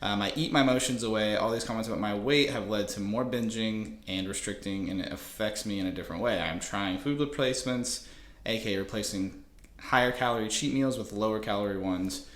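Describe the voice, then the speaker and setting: A man co-hosting a coaching chat, reading a question aloud haltingly and fixing it as he goes. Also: on the low side, roomy sound. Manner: reads haltingly, ad-libs fixes. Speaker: fitness coach, co-host.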